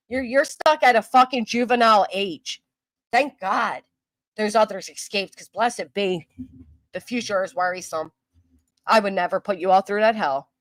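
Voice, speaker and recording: Woman, commentary host, angry rant, swearing, scolding tone, medium pitch, dry close sound. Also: dry recording, rough recording. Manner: heated, profane, scolding.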